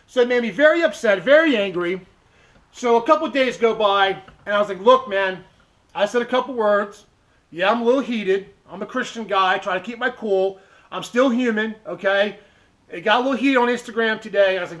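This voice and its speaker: A man's voice: high voice, moderate pace, a bit bright. A man hosting his car channel, talking casually and heatedly to viewers, giving blunt advice and often tagging his points with "okay?". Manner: gives blunt advice in a preachy tone. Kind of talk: casual vlog talk to viewers.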